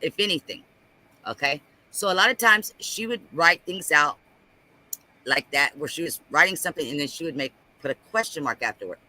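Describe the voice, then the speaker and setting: A man talking on a casual live stream, animated and ranting, repeating himself as he makes his point. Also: a little high, a little fast, low-quality recording.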